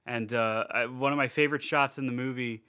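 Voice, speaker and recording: A man's voice: mid-range voice, fairly even intonation, fairly quick, sharp tone, smooth. A young man recapping a movie in casual podcast chat, rambling with lots of fillers and swearing freely. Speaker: podcast co-host.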